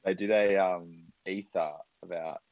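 Young man, deep, rambling podcast guest, muffled dry recording. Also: fairly even intonation, a little slow, dry recording. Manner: rambling, filler-heavy, enthusiastic. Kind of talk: casual chat.

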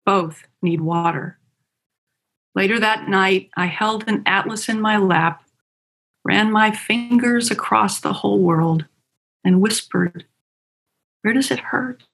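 A woman reads a short poem aloud, slow and measured. Her voice has a gravelly, husky grain, and her pace is unhurried. She leaves long pauses between the lines. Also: mid-range voice, fairly bright tone. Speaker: guest reading a poem. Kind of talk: slow poetry reading.

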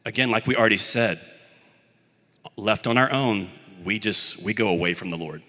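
A man's voice: fairly low pitch, moderate pace, pushed and bright, long reverb tail. A young man from the Birmingham, Alabama area preaching a sermon in a conversational, self-deprecating way.

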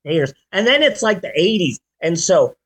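A man in his forties hosting a podcast, chatting casually and telling stories in an animated way. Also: high-pitched, moderate pace, husky. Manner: animated storyteller, does sound effects. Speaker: podcast host. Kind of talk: casual chat.

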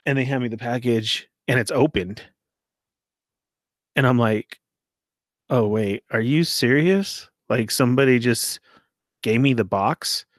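A man's voice: mid-range voice, measured pace, long pauses, no room sound, clean studio sound. A man casually telling a long story, laughing often and acting out what people said. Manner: animated, laughs often, acts out quoted voices.

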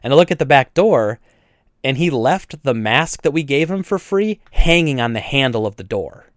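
A man who owns a video game store, telling a story in casual chat, animated and indignant, with many restarts and voices for each side. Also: medium pitch, moderate pace, no room sound, studio quality. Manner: animated retelling, acts out both sides with frequent restarts.

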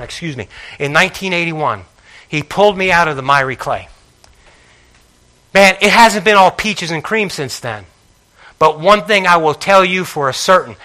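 A man's voice: high-pitched, sharp tone. A man preaching a sermon, calling out to his congregation and reading scripture with emphasis.

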